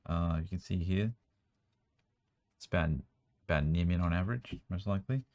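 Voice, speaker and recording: A young man with a strained, worn-out voice, chatting quickly as he sorts through a card collection at home, with bursts of excitement. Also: low voice. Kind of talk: casual running commentary while sorting cards. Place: room at home.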